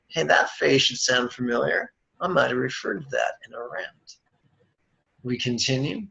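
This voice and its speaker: A man leading a guided meditation as its teacher, speaking in a slow, measured way and dropping dry jokes between chants. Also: mid-range voice, vocal fry, bright, forceful tone, lo-fi sound.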